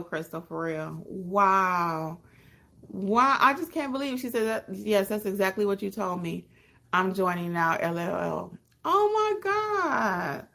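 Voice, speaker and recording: A woman hosting a live stream, reading out viewer comments and answering them in a warm, chatty, emotional way with sudden excited jumps in pitch. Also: gravelly. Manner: calls listeners honey and hon. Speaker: podcast host.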